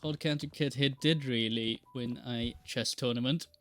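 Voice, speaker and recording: A man's voice: mid-range voice, fairly even intonation, normal speed, a bit bright, a little hiss or hum. A man casually chatting while streaming a game live, rambling and joking with frequent laughs and the odd swear. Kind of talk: casual live gameplay chat.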